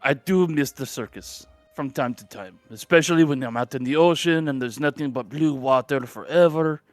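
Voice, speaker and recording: A man's voice: mid-range voice, moderate pace, no room sound, soft background music, natural voice. A man voicing a proud male strongman sailor in a tabletop game, speaking formally with a put-on foreign accent. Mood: measured.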